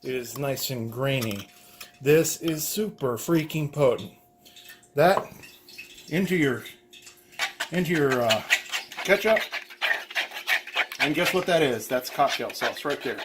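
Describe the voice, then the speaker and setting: A man's voice: medium pitch, expressive, takes it slowly, pauses often, background noise. A man co-hosting a jokey home cooking demonstration, repeating each step in a goofy play-by-play. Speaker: cooking show co-host. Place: home kitchen. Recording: clatter of dishes in a kitchen.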